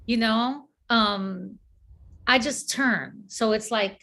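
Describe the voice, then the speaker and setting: Woman, fairly high, bright tense voice, lively storyteller, video call chat. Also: slow. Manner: animated storyteller acting out quotes. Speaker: actor and filmmaker. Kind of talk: casual online conversation.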